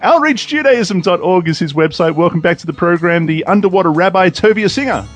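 A man's voice: high-pitched, lively intonation, a little fast, faint music behind. An Australian man hosting a podcast in casual chat, upbeat and jokey. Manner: upbeat, jokey, laughs easily. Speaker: podcast host.

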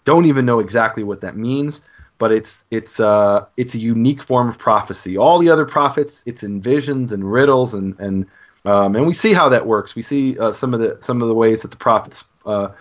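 A man teaching scripture in a discussion. He talks earnestly and with enthusiasm, pausing on fillers as he thinks. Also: mid-range voice, dull audio. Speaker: Bible teacher.

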